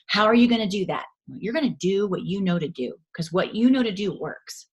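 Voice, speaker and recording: A woman's voice: mid-range voice, animated, fairly quick, few pauses. Earnest woman coaching her sales team. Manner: earnest, coaching, acts out quoted voices. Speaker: team leader. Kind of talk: motivational team talk.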